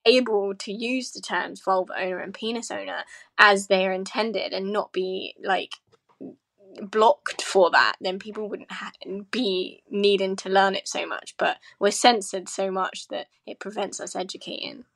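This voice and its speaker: A woman's voice: mid-range voice, steady tone, a little slow, vocal fry, fairly bright tone. Frank woman guest on a podcast. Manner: frank and earnest, some hesitant restarts. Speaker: podcast guest, sex educator and content creator. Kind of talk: casual podcast conversation.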